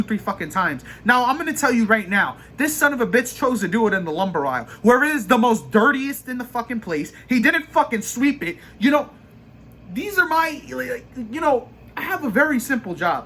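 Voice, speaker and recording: A man's voice: sits high, a bit bright, a little hiss or hum. A young man with a New York accent, venting casually and profanely about his job as a vlogger. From Brooklyn, New York. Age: young adult. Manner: profane, ranting, rapid bursts.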